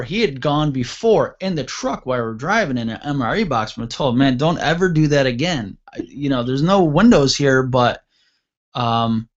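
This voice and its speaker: A man hosting an internet radio talk show, telling a story casually and acting out the quoted voices with loud, lively bursts. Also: mid-range voice. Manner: animated, acts out quoted voices loudly. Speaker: podcast host. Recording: dull lo-fi audio.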